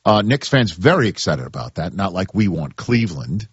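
A low, husky-voiced man with a New York accent hosts a sports talk show, his delivery swinging up and down with emphatic, repeated points. The sound is dry and a touch muffled, as from a radio studio. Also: very animated, moderate pace, no room sound.

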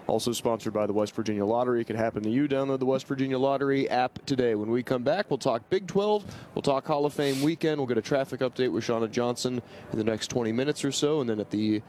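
A man hosts a pregame sports radio show, talking quickly and keeping things moving as he banters and runs through what's coming up. His pitch sits in the middle range, with a faint hum of ambience behind him. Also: a little mellow. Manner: brisk, conversational.

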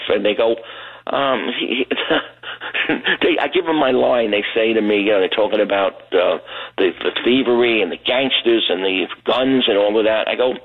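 A man's voice: fairly low pitch, slightly rough. An older man from Brooklyn, calling into a radio show and telling a story with chuckles. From Brooklyn, New York. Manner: rambling, chuckling anecdotes. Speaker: caller. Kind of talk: phone-in storytelling. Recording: phone line.

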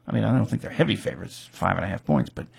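A man's voice: sits low, lively intonation, racing, vocal fry, breathy edge, no room sound. A man recapping a football rivalry's history in casual talk, reading facts with offhand asides and fillers.

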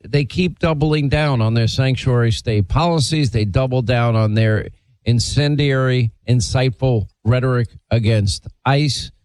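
A man's voice: medium pitch, unhurried, darkish tone, clear, resonant tone, no echo, rough recording. A man hosting a talk radio show, reading a statement and interviewing a guest in an emphatic, opinionated way.

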